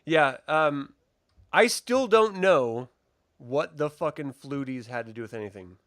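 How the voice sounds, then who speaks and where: A man's voice: fairly high pitch, expressive, a little slow, a bit bright, no room sound, studio quality. A man co-hosting a podcast, laid-back and joking, laughing often. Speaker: podcast co-host. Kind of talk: casual chat.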